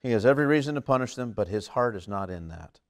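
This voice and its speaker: A man preaching a sermon in an earnest, emphatic manner, swinging between loud stresses and quiet asides. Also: fast. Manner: earnest, emphatic, lively swings in pitch and loudness.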